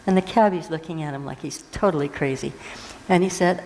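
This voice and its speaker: A woman preaches to her congregation, her voice sitting on the lower side. She retells a story with earnest energy and often restarts her sentences. Her words ring out with a long reverb through the church space. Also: fairly quick, darkish tone. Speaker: minister. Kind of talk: sermon storytelling. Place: church sanctuary.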